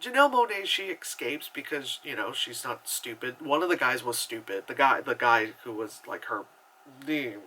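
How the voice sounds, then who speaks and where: Bright, rambling casual man. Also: medium pitch, normal speed, slight background noise, poor audio. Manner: animated and rambling, full of fillers and asides. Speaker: movie reviewer. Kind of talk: casual chat.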